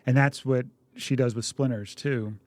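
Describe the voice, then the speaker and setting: Man, podcast co-host, mid-pitched voice, dry close sound, animated storytelling. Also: normal speed, no echo. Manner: lively storyteller, acts out yelling quotes. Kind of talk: casual conversational podcast.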